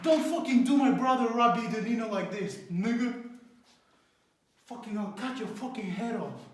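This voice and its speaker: A man voicing a furious intruder who barges into a studio and shouts threats and curses. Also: sits high, expressive, moderate pace, recorded from a distance, slight background noise, voice pushed up. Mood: enraged. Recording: very echoey room.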